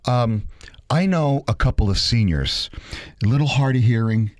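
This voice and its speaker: A man's voice: mid-range voice, normal speed, no room sound, studio quality. A man co-hosting a radio show, joking and teasing in playful banter. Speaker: radio co-host.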